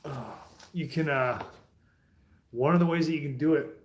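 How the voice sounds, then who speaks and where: A man's voice: on the high side, moderate pace, a little hiss or hum. A man talking casually in a rambling, profane monologue from his home garage, with laughing asides. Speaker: streamer. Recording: roomy echo.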